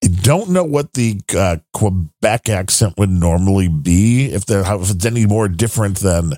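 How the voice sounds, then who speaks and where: A man's voice: low voice, animated, normal speed, mellow, no echo, clean studio sound. A man co-hosting a casual podcast, agreeing with his partner and hedging his opinions, sometimes mimicking people for laughs. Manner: agreeable, hesitant, mock-mimicking. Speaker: podcast co-host. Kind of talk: casual chat.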